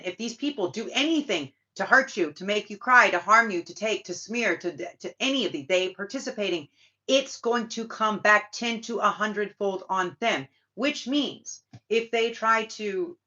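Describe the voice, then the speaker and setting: A woman with a sharp, bright voice delivers a spiritual talk in a loose, rambling way. She swears freely and leans on fillers as she circles her point. The recording is dull and lo-fi. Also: medium pitch. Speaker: spiritual reader and channel host. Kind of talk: casual spiritual monologue. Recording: dull lo-fi sound.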